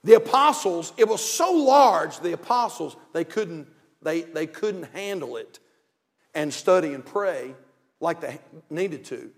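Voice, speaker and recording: A pastor from North Carolina with a Southern accent, preaching a fervent sermon with repeated phrases, swinging from quiet asides to shouts. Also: male voice, on the high side, expressive, unhurried, big-room sound. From North Carolina, USA.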